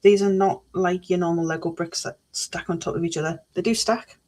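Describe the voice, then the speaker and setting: A woman's voice: on the low side, fairly even intonation, a little fast, darkish tone. A woman chatting casually on a live stream, reading out chat messages while she builds a model kit at her desk.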